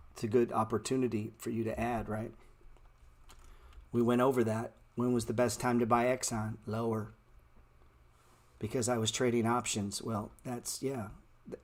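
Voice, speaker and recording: Blunt, slangy low-voiced trading streamer. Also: male voice. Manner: blunt slangy street talk, calls viewers bro; repeats words playfully. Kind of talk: live market commentary answering chat.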